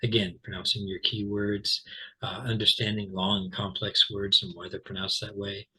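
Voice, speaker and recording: A man teaching English pronunciation in a casual, chatty way, repeating example words slowly. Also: lowish voice, level tone, sharp tone, breathy edge, rough recording. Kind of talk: casual explanatory lesson.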